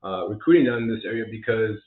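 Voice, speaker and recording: A man's voice: on the low side, fast talker. A young man talking casually to camera in a vlog, earnest and encouraging, with lots of fillers and restarts. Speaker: realtor vlogger. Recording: echoey room, tinny phone-like sound.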